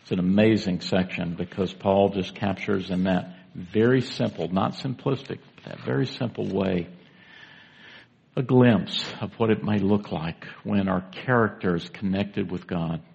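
A man's voice: low voice, steady tone, measured pace, creaky, darkish tone, breathy edge, highs cut off. A man preaching a sermon to a congregation in a church, in a conversational way, putting questions to the listeners. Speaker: pastor.

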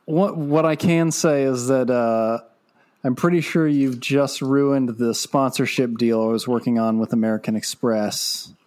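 A man co-hosting a podcast, trading dry, deadpan jokes in casual chat. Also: mid-range voice, unhurried. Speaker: podcast co-host.

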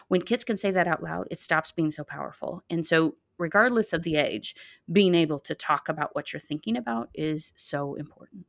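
A middle-aged woman speaks in an earnest, measured way, her voice set a little low. The sound is close and dry, with no room around it. She explains her advice carefully, pausing on fillers and restarting her phrases. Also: gravelly, no room sound. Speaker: child therapist guest. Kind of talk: podcast interview, advice.

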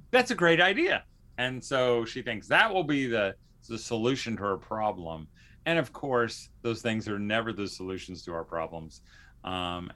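A man's voice: lowish voice, a bit bright. A man hosting a podcast in a casual, rambling way, with lots of fillers and restarts. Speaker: podcast host.

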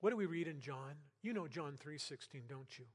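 An older man preaching a sermon as pastor in a church, talking to the congregation in an earnest, conversational way with bursts of loud emphasis. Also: a little high, expressive, a little fast, slightly rough. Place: church sanctuary. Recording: long hall reverb.

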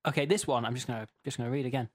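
A man's voice: mid-range voice, rapid-fire. A man co-hosting a comedy podcast, talking hesitantly with lots of fillers and mock seriousness. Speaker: podcast co-host.

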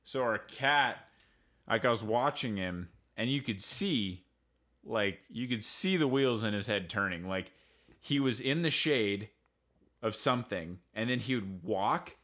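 A young man in casual podcast chat who tells lively anecdotes and swears freely, recorded on a home mic. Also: on the low side, unhurried. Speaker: podcast participant. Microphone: home mic on a remote podcast setup.

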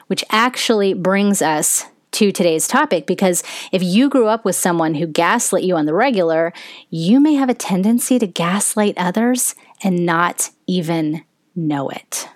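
A woman's voice: on the low side, dry recording, clean studio sound. A middle-aged woman hosting a podcast, telling a personal story in a candid, conversational way with lots of "like.". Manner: candid and conversational, heavy use of "like". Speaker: podcast host.

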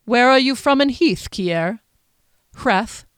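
A woman's voice: a little high, animated, slow pace, smooth, dry recording, studio quality, voice pushed up. A woman voicing a short-tempered male duke in an audiobook, curt and impatient. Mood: curious.

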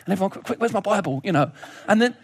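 A man preaching a sermon in a lively, humorous way, laughing often and repeating words as he goes. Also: high-pitched, racing, slightly rough, no room sound, clean studio sound.

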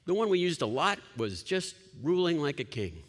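A man preaching a sermon as a pastor, playful and joking, with bursts of loud mock commands. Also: on the high side, moderate pace. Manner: lively, laughing, playful asides and sudden loud commands. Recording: long hall reverb.

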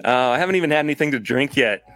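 A man's voice: mid-range voice, lively intonation, very fast, fairly bright tone, faint music behind. A man hosting a podcast, chatting casually with live viewers. He says he is tired, and he rambles and corrects himself often. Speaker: podcast host.

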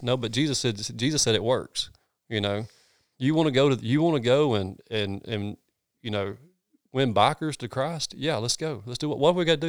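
A man's voice: mid-range voice, moderate pace, no echo, studio quality. A man, a pastor talking in a casual chat, earnest and folksy, with many restarts.

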